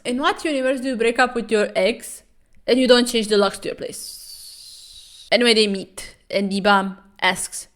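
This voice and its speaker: A woman's voice: a little high, measured pace. A young woman recapping a webtoon as comedy commentary, sarcastic and profane, with mocking asides and over-the-top dramatic readings.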